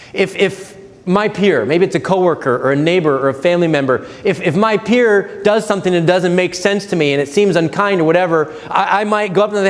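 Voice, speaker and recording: Earnest preaching man in an echoey church. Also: high-pitched. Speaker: pastor. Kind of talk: sermon. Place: church sanctuary.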